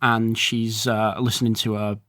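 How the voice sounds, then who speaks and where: A man's voice: lowish voice, flat delivery, a little slow, a bit bright. A man narrating as game master, rambling and descriptive with fillers.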